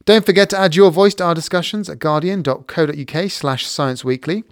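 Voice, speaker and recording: Brisk male podcast host, dry sound. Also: on the high side, no echo. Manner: brisk, announcer-like reading. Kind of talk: scripted podcast outro and banter.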